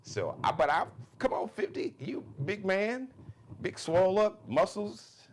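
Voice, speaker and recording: A man's voice: sits high, a little slow, slight background noise. A man hosting his own live talk show, delivering a loose, laughing monologue. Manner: animated, laughing, loose and conversational. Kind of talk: live monologue, casual commentary.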